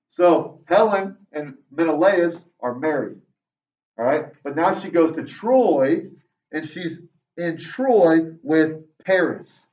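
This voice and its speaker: Lively male teacher in an echoey classroom. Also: on the high side. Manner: tags most sentences with "right?"; lively, talks straight to students. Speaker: English teacher. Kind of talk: classroom lecture. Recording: roomy, dull classroom audio from far off.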